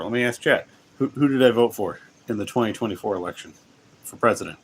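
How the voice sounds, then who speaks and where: A man with a lowish voice talks fast while hosting a casual gaming livestream, with a little hiss or hum in the audio. He rambles to viewers, restarting sentences, interrupting himself and laughing often.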